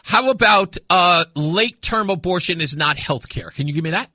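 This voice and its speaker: A man's voice: high-pitched, animated, moderate pace, bright, forceful tone, no echo. A man hosting a call-in radio talk show, arguing insistently with a caller and repeating his points. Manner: insistent, argumentative, repeats himself. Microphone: studio mic.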